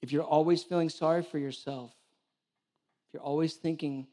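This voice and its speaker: A man's voice: on the high side, normal speed. A man preaching a sermon, telling stories with acted-out dialogue and joking with the congregation. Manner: animated storytelling, acts out dialogue, jokes with the congregation. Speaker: church director preaching.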